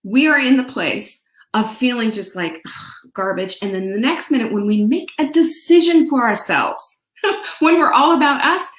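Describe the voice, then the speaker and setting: A woman's voice: sits high, animated, normal speed, a bit bright. Chatty woman host doing a peppy motivational talk, bouncy voice, sings bits and does voices, echoey room. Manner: playful, chatty, addresses viewers as girlfriends; sings snippets and mimics voices.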